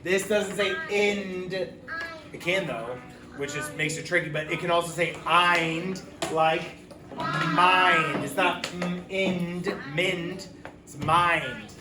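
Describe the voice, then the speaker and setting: A man's voice: sits high, a little slow. A man teaching a phonics lesson, patiently sounding out letters for children. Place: classroom. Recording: echoey room, mic far off, background noise.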